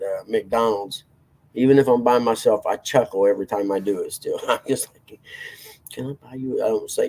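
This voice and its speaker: A livestream host reads chat and talks casually with viewers, rambling, self-deprecating, and chuckling often. His voice is mellow and on the low side.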